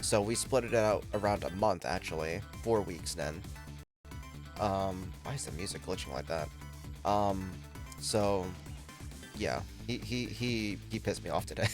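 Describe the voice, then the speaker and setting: A man's voice: on the low side, expressive, unhurried, soft background music. A man in his twenties chatting casually on a game livestream, rambling and swearing freely, with plenty of fillers and restarts. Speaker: game streamer.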